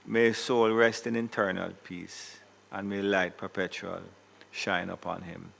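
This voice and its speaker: A Jamaican man presiding over a senate sitting, giving a measured formal tribute with occasional self-corrections. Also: sits low, little pitch movement, gravelly, fairly bright tone, slight background noise. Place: senate chamber.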